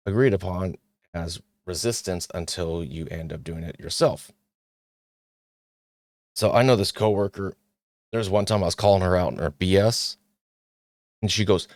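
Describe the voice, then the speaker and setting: A man's voice: low-pitched, moderate pace, long pauses, darkish tone, no room sound, clean studio sound. A male podcast host reading points off a list and reacting with sarcastic, mocking asides.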